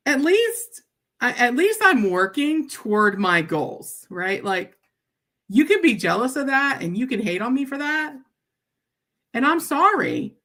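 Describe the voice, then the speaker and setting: A woman's voice: a little high, a bit bright. A woman chatting on a live stream while she cuts paper crafts, blunt and joking, often laughing and tagging her sentences with "right?".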